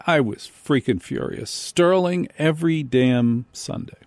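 A male radio host tells a comic story with lively energy, jumping into voices for the people he meets. The studio sound is close and dry, with no room around him. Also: mid-range voice, a little slow, hardly any pauses, no echo. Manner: animated storytelling, acts out quoted people. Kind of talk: comedic radio monologue.

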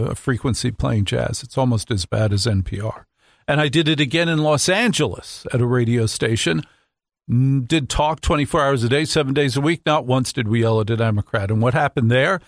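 A man's voice: mid-range voice, no room sound. A man hosting a nightly radio talk show, talking into a studio microphone with sarcastic, mock-outraged asides.

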